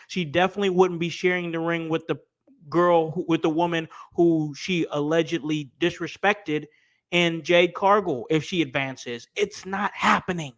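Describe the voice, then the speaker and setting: A man hosting a casual livestream chat, making his points emphatically and repeating them slowly. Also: a little high, steady tone, a bit bright. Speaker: podcast host.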